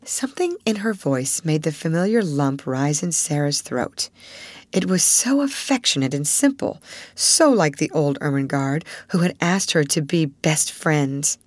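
A woman narrating a classic novel aloud with an expressive storytelling cadence. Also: low voice, measured pace, no room sound. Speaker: audiobook narrator.

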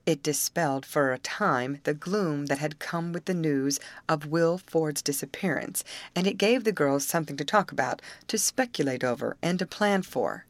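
A woman narrating a novel as an audiobook in a clear, measured reading. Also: sits low, no echo. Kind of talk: scripted narration.

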